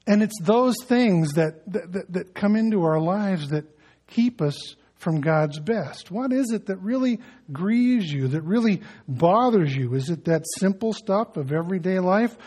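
High-voiced man preaching conversationally. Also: lively intonation, unhurried, darkish tone, slightly rough. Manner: conversational preaching with acted-out asides. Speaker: pastor. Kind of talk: sermon.

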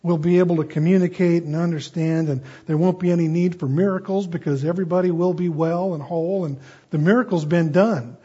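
A husky, slightly high-voiced man preaching a sermon in an earnest, storytelling way, drawing out key phrases. The recording is dull and lo-fi. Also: fairly even intonation, dark tone. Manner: earnest, storytelling, slows for emphasis. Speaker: pastor.

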